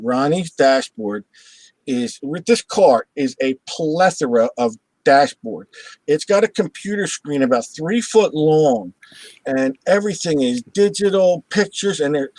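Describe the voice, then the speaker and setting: A man's voice: a little high, no echo, rough recording. A man hosting a live show, telling a story with lots of laughter and acted-out voices. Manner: animated storyteller who acts out voices and laughs at his own jokes. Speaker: host.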